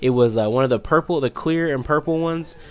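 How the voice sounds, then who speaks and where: A young man in his twenties hosts a let's play, speaking fairly quickly in a slightly high, slightly mellow voice. While commenting casually on his game, he wanders through a childhood story and often loses track in the middle of a sentence.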